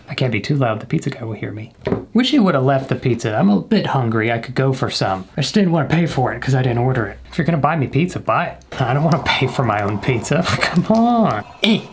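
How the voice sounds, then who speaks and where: A man's voice: mid-range voice, animated, a little fast, noisy background. A young man casually commenting while playing a horror game, joking with the game and his viewers and sometimes dropping to a whisper. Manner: jokey, talks to the game and viewers, whispers when scared. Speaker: gaming YouTuber.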